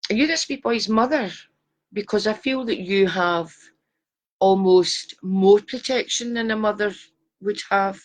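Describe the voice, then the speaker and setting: A woman giving live psychic readings, chatty and affectionate, calling viewers darling. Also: mid-range voice. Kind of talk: live-stream chat reading viewers' photos.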